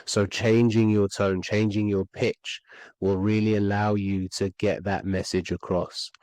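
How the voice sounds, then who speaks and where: Man coaching speaking skills, low and dry. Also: little pitch movement, measured pace, a little mellow, dry recording, low-quality recording. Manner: earnest, repeats points for emphasis. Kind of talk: instructional podcast talk.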